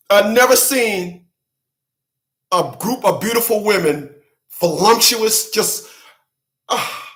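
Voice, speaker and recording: A channel host from the New York–New Jersey area rants unscripted on a live stream, profane, repetitive and emphatic, laughing often. His high-pitched, fairly bright voice is animated, with drawn-out words and long pauses.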